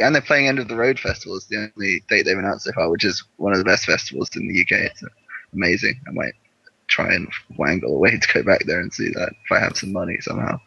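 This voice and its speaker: Bright-voiced man on a dull dry line. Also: sits low, gravelly, slightly rough. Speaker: podcast co-host. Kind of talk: casual chat.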